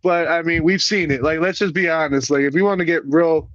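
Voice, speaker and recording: Animated, profane man from Puerto Rico. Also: a little high, a little fast, dry recording, lo-fi sound. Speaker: wrestler guest. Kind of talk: casual interview chat.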